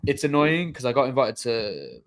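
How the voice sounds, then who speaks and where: Male co-host, relaxed and hesitant; animated pitch, mid-range voice. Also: normal speed. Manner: laid-back, hesitant, trails off. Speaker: podcast co-host. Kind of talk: casual movie podcast chat.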